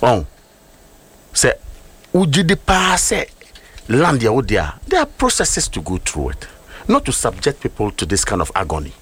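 A man's voice: medium pitch, wildly swooping pitch, moderate pace, pauses often, fairly bright tone, husky. A middle-aged man with a Ghanaian accent giving heated political commentary, emphatic and full of rhetorical questions. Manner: emphatic, rhetorical, switches between languages.

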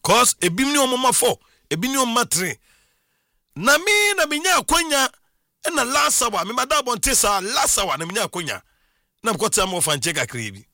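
A middle-aged man from Ghana telling his own life story in a casual, animated monologue with frequent exclamations. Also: very high-pitched, a little fast, no echo, clean studio sound. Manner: animated, exclaiming, laughs often.

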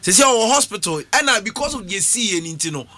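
A man with a Ghanaian accent, explaining calmly and giving short affirmations. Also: high-pitched, fast, no echo. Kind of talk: casual discussion mixing English and Twi.

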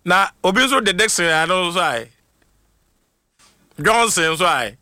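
Excitable Ghanaian radio host, forceful voice. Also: male voice, high voice, measured pace, dry recording, clean studio sound. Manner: excitable, playful, jokes and laughs between names. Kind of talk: call-in radio shout-outs.

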